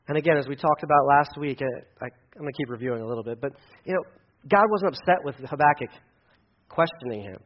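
A man with a high voice preaches a sermon, and his delivery is lively. When he acts out quoted speech, his voice jumps into loud, high bursts. The recording sounds muffled and lo-fi. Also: normal speed. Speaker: pastor.

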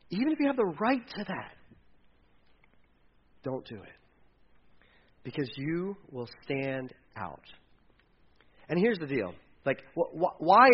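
Fairly high-voiced pastor preaching, lo-fi. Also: male voice, breathy edge. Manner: casual storytelling with acted voices for characters. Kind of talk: sermon.

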